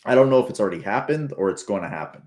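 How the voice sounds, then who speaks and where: A man's voice: fairly low pitch, lively intonation, very fast, darkish tone. A man giving casual, rambling, profane commentary while rewatching a football game. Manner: rambling, profane, restarts often. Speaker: sports fan commentator.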